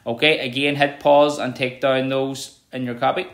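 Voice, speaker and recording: A man teaching a recorded revision lesson, explaining terms with frequent checks like "okay" and reading examples out slowly. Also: mid-range voice, level tone, a bit bright. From Ireland.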